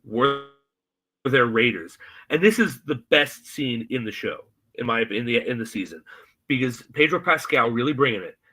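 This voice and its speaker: Husky-voiced man recapping a show. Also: medium pitch, fairly quick, low-quality recording. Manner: animated retelling, acts out the lines of the scene. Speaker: podcast co-host. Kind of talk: casual chat recapping a TV episode.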